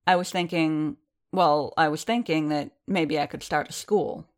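A woman voicing an eager, hopeful young gentleman. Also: low voice, fairly even intonation, a little slow. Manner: hesitant and hopeful, words tumbling out. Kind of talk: audiobook character voice.

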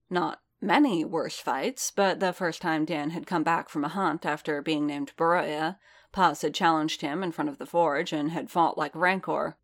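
A woman narrating a fan-written story aloud in a steady, unhurried way. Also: deep voice, gravelly. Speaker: reader. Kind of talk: fan fiction audiobook narration.

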